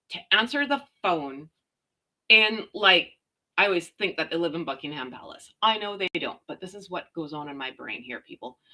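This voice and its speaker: Middle-aged woman from Canada, casual ranting vlogger, sarcastic and slangy, bright animated voice. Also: lowish voice. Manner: blunt, sarcastic, slangy, mild swearing. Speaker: commentary vlogger.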